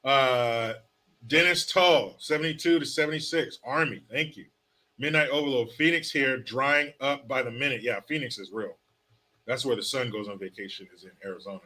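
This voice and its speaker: A man's voice: medium pitch, normal speed, bright, forceful tone. A man hosting a casual live stream, reading viewer comments aloud with joking, sarcastic asides. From California. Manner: joking, sarcastic, reads chat names aloud.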